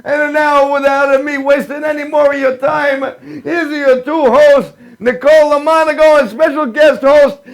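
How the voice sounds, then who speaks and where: A man's voice: extremely high pitch, flat delivery, a little slow, few pauses. A man playing a jolly old-country Italian pizza maker with an Italian accent, speaking broken English and laughing at his own jokes. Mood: jovial. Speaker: show opener.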